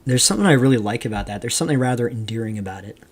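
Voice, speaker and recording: A man hosting a live stream, rambling casually through commentary, reading chat questions aloud and filling pauses with "um" and "like". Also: medium pitch, lively intonation, a little hiss or hum. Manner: rambling, reads chat aloud, many fillers. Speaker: streamer host.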